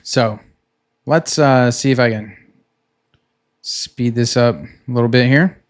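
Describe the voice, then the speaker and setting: A man casually talking through his trading session on a screen share, relaxed and chatty, pointing at the chart as he explains. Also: mid-range voice. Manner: relaxed and chatty, many "like"s, quick laughs; talks himself through the chart while pointing at it. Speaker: futures trader recapping his trading session.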